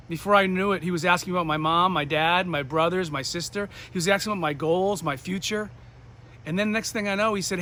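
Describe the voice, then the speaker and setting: New hampshire guy telling a story on stage, high voice, acts out everyone. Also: quick pace, slight background noise. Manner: animated, acts out the voices of people in his story. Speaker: motivational speaker. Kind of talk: storytelling speech.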